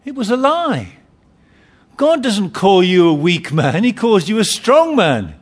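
A man's voice: high-pitched, very animated, unhurried. A man preaching a sermon, emphatic, often repeating and restarting his phrases.

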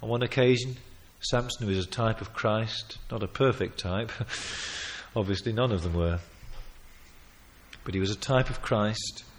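A man preaching a sermon, emphatic, with sudden loud swells, quiet asides and chuckles as he tells stories. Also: on the low side, unhurried, a little hiss or hum. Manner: chuckles while telling stories.

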